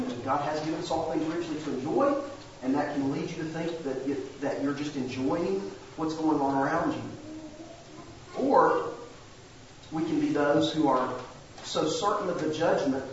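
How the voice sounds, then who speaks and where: A man's voice: a little high, slight background noise. Earnest male pastor preaching from a distance in a hall full of echo. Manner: earnest preaching with a folksy aside. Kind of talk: sermon. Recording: very echoey church sanctuary, distant mic, dull.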